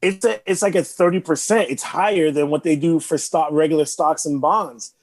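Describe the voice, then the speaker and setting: A man with a somewhat high voice co-hosts a podcast. He talks casually and rambles, often restarting his thoughts. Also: normal speed. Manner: rambling, restarts, easy laughter. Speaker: podcast co-host. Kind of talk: casual chat.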